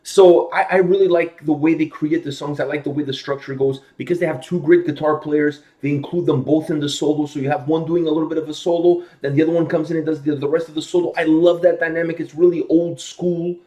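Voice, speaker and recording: A man co-hosting a metal reaction video, talking in an animated, casual way with frequent restarts. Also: a little high, quick pace, hardly any pauses. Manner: animated, lots of restarts and laughing asides. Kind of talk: casual chat. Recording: roomy echo.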